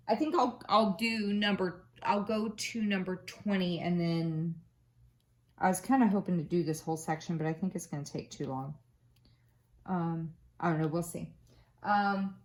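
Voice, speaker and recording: A woman's voice: mid-range voice, fairly even intonation, unhurried. A woman in her thirties or forties with a slight Southern Florida twang, chatting casually while she crafts, rambling and self-deprecating with lots of fillers. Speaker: crafting vlogger.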